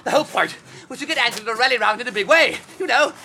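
An actor playing a flustered young gentleman, stammering and laughing nervously as he talks his way out of trouble. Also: medium pitch, animated, rapid-fire. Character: flustered young upper-class gentleman, chatty and evasive. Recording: faint noise and clicks.

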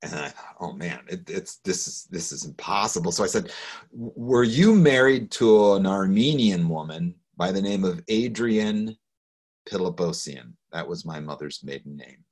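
Over a video call, a middle-aged male guest recounts a personal story in an interview, sounding earnest and hesitant, with restarts and soft laughs. His low, husky voice has lively intonation and a normal speed.

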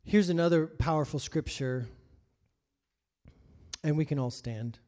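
A man preaching a sermon, acting out biblical figures in his own voice and moving between hushed asides and loud, emphatic lines. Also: a little high, measured pace. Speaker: pastor.

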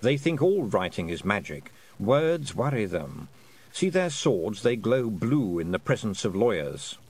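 A man's voice: sing-song, a little slow, darkish tone, slightly rough, full character voice. A man voicing a dry, knowing male talking toad who murmurs wry asides. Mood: confiding. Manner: low, confiding, wry. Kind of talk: audiobook character voice.

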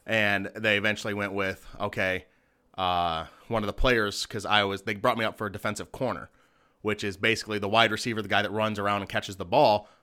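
A man talks casually with a friend, stopping often for fillers and corrections. His voice is low-pitched with a bright, forceful edge. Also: flat delivery, a little fast, clean tone. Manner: hesitant, full of fillers and self-corrections. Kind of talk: casual chat.

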